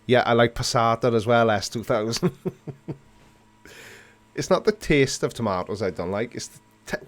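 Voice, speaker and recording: A man's voice: mid-range voice, animated, measured pace. A man hosting a casual live chat with viewers, answering their comments playfully and pulling mock disgust. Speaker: livestream host.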